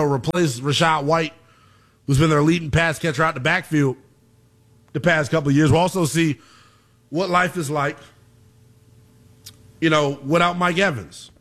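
A man's voice: a little high, fairly bright tone. A man hosting a sports talk show, blunt and emphatic, firing off rhetorical questions.

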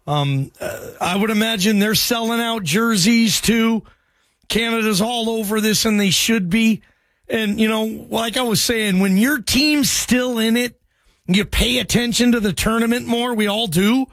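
A man hosting a sports call-in radio show, energetic and jokey with loose banter. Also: sits high, unhurried, no echo. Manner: energetic, loose, jokey, calls callers bro.

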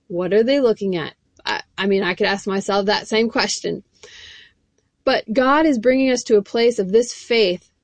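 A woman's voice: a little high, no room sound. Earnest woman preaching with a dry close sound. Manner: earnest, emphatic, addresses listeners directly. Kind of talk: sermon with scripture reading.

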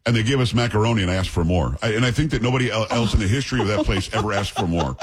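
A middle-aged man hosting a radio show, telling jokey stories in animated, casual banter. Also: lowish voice, rapid-fire. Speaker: radio host.

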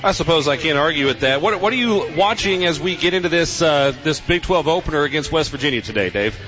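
A man hosting a radio football pregame show from a sports grill, with a brisk, upbeat announcer delivery. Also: fairly high pitch, lively intonation, a bit bright. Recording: dull radio broadcast with faint noise.

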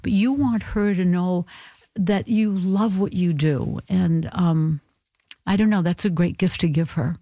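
A woman's voice: fairly low pitch, measured pace, warm tone, no echo. A woman in her seventies, a guest in a radio interview, talking in a chatty, emotional way and laughing easily. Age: 70s.

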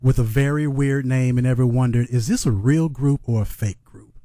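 A man's voice: mid-range voice, normal speed, warm tone, no room sound. A man on a radio show's staff, presenting a quiz game to the hosts in casual banter in a studio.

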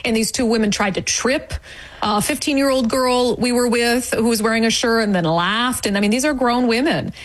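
A woman guest recounting an event in an interview, indignant and animated, acting out quoted remarks. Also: on the high side, moderate pace, poor audio. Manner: indignant, storytelling with quoted asides. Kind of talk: animated eyewitness account.

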